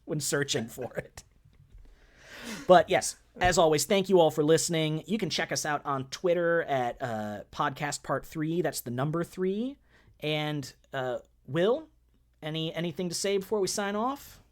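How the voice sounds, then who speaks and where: Chatty man co-hosting a podcast. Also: a little high. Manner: chatty, laughs at his own jokes, restarts sentences. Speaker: podcast co-host. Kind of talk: casual movie podcast chat.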